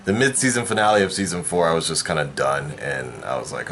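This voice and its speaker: A man's voice: extremely low pitch, a little slow, gravelly, fairly bright tone, faint music behind. A man hosting his own vlog in casual chat, projecting his voice toward a camera mic some distance away and rambling with lots of fillers and restarts. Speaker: YouTube reaction host.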